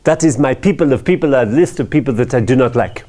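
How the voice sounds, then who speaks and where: A man's voice: medium pitch, fast talker, mellow, close to an everyday voice. A man voicing a blunt middle-aged male French finance director who speaks offhand, broken English with a put-on French accent.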